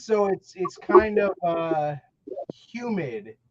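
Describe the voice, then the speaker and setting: A man's voice: sits high, lively intonation, slow, a bit bright, dull audio. A man chatting as a podcast guest, jokey and talkative, with some swearing. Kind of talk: casual podcast chat.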